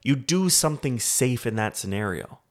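A man's voice: medium pitch, animated, normal speed. A man from Canada hosting a solo sports podcast, ranting in a heated, profane way about football. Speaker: podcast host.

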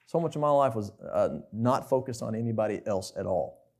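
A man's voice: fairly low pitch, expressive, fairly quick, vocal fry, a little mellow. A young man preaching a conversational sermon, asking the listeners questions.

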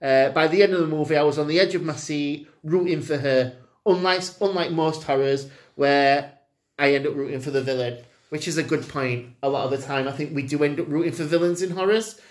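A woman co-hosting a film podcast, chatty and giggly with quick asides. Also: low voice. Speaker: podcast co-host. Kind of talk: casual film review chat.

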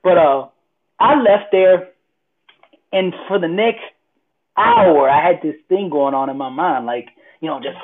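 Motivational speaker, male, husky, storytelling, phone-quality audio. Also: on the high side, a little slow, long pauses. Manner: animated storyteller, repeats words, acts out quotes loudly. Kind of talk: casual storytelling conversation. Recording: tinny phone-like line.

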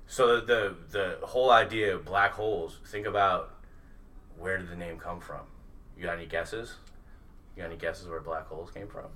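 A man co-hosting a casual podcast chat, animated and profane, often laughing. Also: low-pitched, moderate pace, a little hiss or hum. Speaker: podcast co-host. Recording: distant mic with faint ambience.

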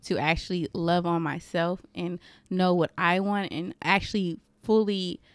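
A woman's voice: fairly low pitch, steady tone, clean tone, dry recording. A woman co-hosting a casual podcast, speaking candidly and hesitantly about trust. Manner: candid and emotional, slow and hesitant when opening up. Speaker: podcast co-host.

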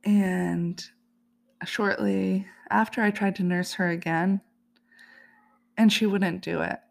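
A woman's voice: medium pitch, fairly even intonation, slow pace, vocal fry. A woman hosting a podcast, telling a personal story in a chatty, casual way and laughing often. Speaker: podcast host.

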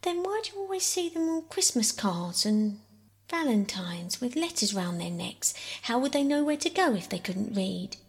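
A shrill, insistent little girl, quick to squabble, as a woman reading a storybook puts her on. The voice jumps well above a normal speaking pitch and stays on the edge of a whine. There is a slight gravelly fry underneath. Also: big pitch swings. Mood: indignant. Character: bossy quarrelsome young girl.

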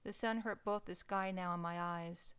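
Woman reading a story out loud, really expressive, smooth clear voice. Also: lowish voice, normal speed. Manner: expressive, emotional first-person storytelling. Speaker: narrator.

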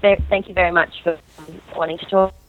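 A woman's voice: fairly low pitch, level tone, a little fast, slight background noise. A woman with an Australian accent, a polite and somewhat hesitant guest in a casual chat. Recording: tinny phone-like line.

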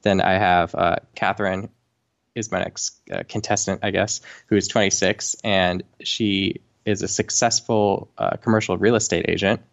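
A young man with a low, gravelly edge to his voice chats casually as co-host, stumbling through fillers and restarts. The recording sounds dull and lo-fi, like a home setup. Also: fairly even intonation. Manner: halting, many fillers and restarts, laughs often. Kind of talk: casual chat about reality TV.

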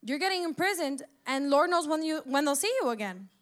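A woman's voice: sits high, animated, a little fast. A young woman from the United States giving an impassioned personal monologue, emotional and close to tears, swearing as she speaks.

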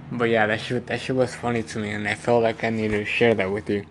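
A young vlogger with a lowish, flat voice talks fast with few pauses, with a little hiss or hum on the recording. Snacking as he speaks, he tells a rambling, casual story, laughing often and swearing.

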